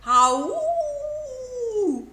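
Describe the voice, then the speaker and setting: A high, swooping storybook wolf, a young boastful male who howls and crows in a sing-song voice, as a woman puts him on. His lines leap up and down in pitch and ring in a roomy, echoey room. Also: expressive, slow pace, a bit bright, a little hiss or hum, exaggerated voice. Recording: roomy echo.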